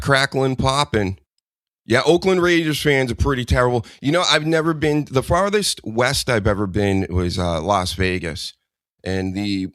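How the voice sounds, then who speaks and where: A man's voice: on the low side, fairly bright tone, dry recording, studio quality. A man hosting a casual comedy podcast, rambling and teasing his co-host in a joking way.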